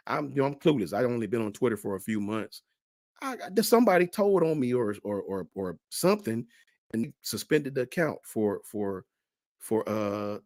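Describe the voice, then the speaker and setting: A man's voice: on the low side, no room sound, clean studio sound. A middle-aged man hosting a fan channel livestream, ranting with passion in colloquial talk and reading out chat messages. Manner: impassioned, lively, colloquial Southern.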